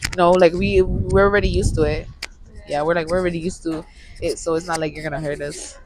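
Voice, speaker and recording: A woman's voice: lowish voice, fairly even intonation, brisk, darkish tone, rough recording. A young woman chats casually on a podcast mic, rambling and restarting her sentences as she retells family arguments. There is a faint hiss of noise behind her voice. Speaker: podcast co-host. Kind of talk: casual chat. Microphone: studio mic.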